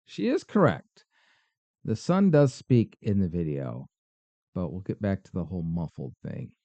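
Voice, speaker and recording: A man with a low, very dark voice hosts a podcast and picks apart paranormal clips with dry sarcasm. He talks slowly and his intonation swings widely. The recording is dry and somewhat dull. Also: huge pitch swings, dry recording. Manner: skeptical, dry, sarcastic asides. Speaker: podcast host. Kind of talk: reacting to and commenting on paranormal videos.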